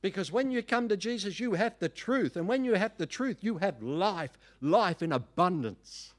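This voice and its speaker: A middle-aged man, preaching a sermon in an emphatic, animated way with folksy asides. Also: high voice, moderate pace. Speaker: pastor.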